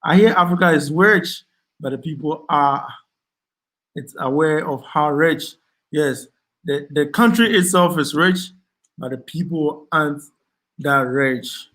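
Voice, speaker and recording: A man with a Ghanaian accent hosts a relaxed live chat, working through viewer comments and thanking people one by one. His voice sits a little higher than most men's, and he often pauses on ums and repeats himself. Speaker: livestream host reading viewer chat.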